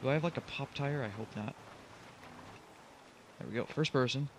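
A man's voice: mid-range voice, moderate pace, noisy background. A young man commenting on his own driving game run, getting frustrated, pleading with the truck and groaning at his mistakes. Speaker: gaming channel host.

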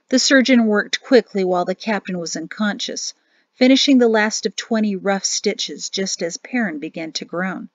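A woman reading an audiobook chapter as narrator in a steady storytelling manner. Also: mid-range voice, no echo. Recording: dull dry home recording.

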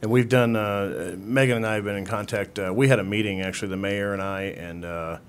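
A man's voice: fairly low pitch, fairly even intonation, a little fast, a little hiss or hum. A man giving a plain update at a city council meeting, with frequent filler uhs. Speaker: city official reporting on an airline service.

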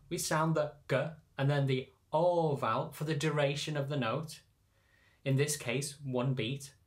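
A man who teaches choir singers, calmly explaining step by step how to read lyrics in sheet music. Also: medium pitch. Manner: patient, methodical explaining. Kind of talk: instructional narration.

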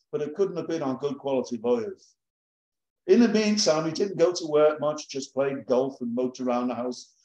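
A man's voice: on the high side, a little mellow, roomy sound, highs cut off. A man at an open mic reading a satirical advice letter aloud in a dry storytelling manner.

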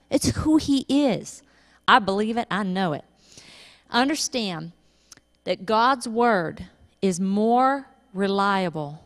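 A woman pastor preaching a sermon, telling a funny story with lively, animated delivery and laughter. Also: medium pitch. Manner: animated storytelling, laughing at her own stories. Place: church. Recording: reverberant church hall.

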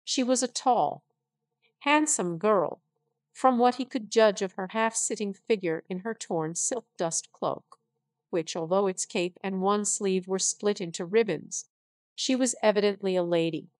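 A synthetic-sounding woman narrating a story in an even, unhurried reading voice. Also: medium pitch, no room sound. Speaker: audiobook narrator. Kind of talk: scripted narration.

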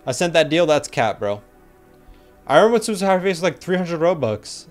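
A man's voice: fairly high pitch, big pitch swings, a little fast, faint music behind. A young man casually chatting on a livestream, joking, using slang and reading chat messages aloud.

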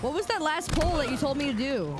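A woman's voice: high voice, brisk, heavy background noise. A woman game streamer chatting casually and teasingly with her viewers while she plays. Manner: animated, teasing, talks to chat. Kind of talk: casual live-stream chat.

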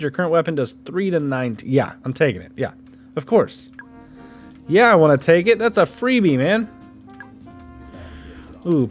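A man casually commentating his own gameplay, joking and reacting playfully. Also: on the high side. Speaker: gaming YouTuber. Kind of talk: casual let's-play commentary.

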